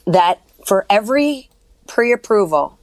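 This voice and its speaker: A woman co-hosting a radio show, giving mortgage rates in a friendly, brisk way. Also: mid-range voice, lively intonation, no room sound. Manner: friendly, reads out rates and phone numbers briskly. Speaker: mortgage lender and radio co-host. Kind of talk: casual radio talk.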